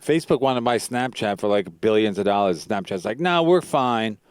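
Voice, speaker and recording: A man hosting a comedy podcast, teasing and needling his guests with quick quips. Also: fairly low pitch, darkish tone, clean tone, no echo. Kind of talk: casual comedic podcast banter.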